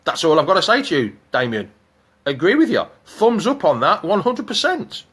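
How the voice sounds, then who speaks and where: A man hosting a live fan show, reading out viewer comments and chatting in an excitable, jokey way. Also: high-pitched, moderate pace, husky. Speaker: fan channel host.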